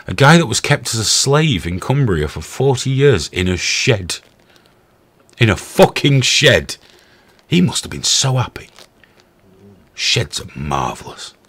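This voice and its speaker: A man's voice: on the low side, a bit bright. A middle-aged English man hosting a show, giving a blunt, sarcastic, heavily sworn rant about the news. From England. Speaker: show host. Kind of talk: ranting commentary.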